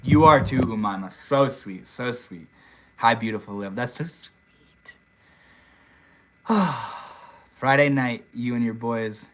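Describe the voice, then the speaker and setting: A man's voice: medium pitch, slow pace, pauses often, slight background noise, poor audio. Casting note: young male streamer, easygoing, talks to chat, drops dude and bro, recorded on a phone. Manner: laid-back, swears casually, says dude and bro a lot. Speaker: livestream host. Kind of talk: casual livestream chat reading comments. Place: outdoors in the desert.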